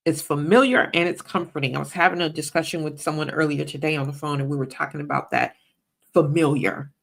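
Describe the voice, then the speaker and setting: A woman's voice: sits low, gravelly. A woman hosting a faith-based money podcast, teaching in an emphatic preaching style and often checking in with "right?". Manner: emphatic, repeats "right?" to the audience. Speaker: podcast host and Christian finance teacher.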